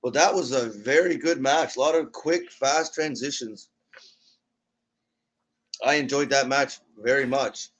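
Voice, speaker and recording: A man co-hosting a live wrestling watch party, talking in a relaxed, hesitant way with many ums while recapping matches. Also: medium pitch, unhurried, pauses often, poor audio. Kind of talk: casual live-stream commentary.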